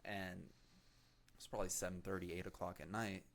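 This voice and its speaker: A young man in his twenties, a podcast guest telling stories in a monotone, halting way with many fillers. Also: low-pitched. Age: 20s. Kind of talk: casual chat.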